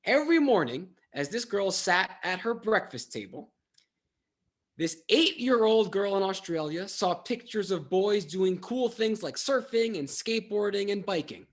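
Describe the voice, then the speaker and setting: A man's voice: sits high, animated, unhurried. A man hosting an online trivia game, upbeat and playful, cracking self-mocking jokes between questions.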